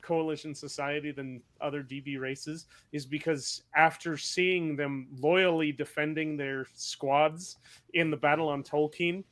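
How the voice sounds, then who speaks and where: A man narrating as game master of an online tabletop game, joking and relaxed. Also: a little high, a little slow.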